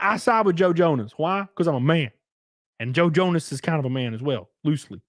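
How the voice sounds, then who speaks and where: A man's voice: on the high side, very animated, normal speed, a bit bright, dry recording, clean studio sound. A man hosting a casual livestream, crude, joking and rambling. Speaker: livestream host.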